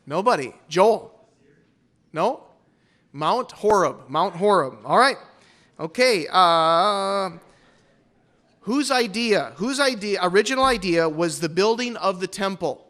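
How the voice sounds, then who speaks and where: A man's voice: sits high, animated, takes it slowly, long pauses, fairly bright tone. A man pastor hosting a playful Bible trivia game at a church service, teasing the congregation before introducing guests.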